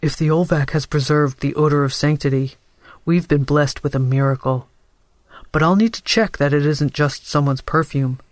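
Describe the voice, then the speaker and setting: A man voicing a middle-aged scent dealer, a scheming salesman who keeps a calm, reasonable, persuasive tone. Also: fairly high pitch, moderate pace, no echo, studio quality, lightly acted.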